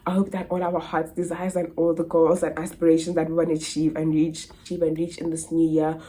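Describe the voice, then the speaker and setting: A South African woman in her twenties, working as an au pair, answers viewer questions in a casual vlog, chatty and peppered with "like" and "literally." Her voice is low, monotone, brisk and dark in tone.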